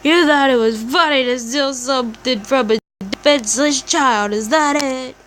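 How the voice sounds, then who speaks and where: A woman voicing a furious, protective young woman who shouts accusations. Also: high-pitched, moderate pace, a little hiss or hum.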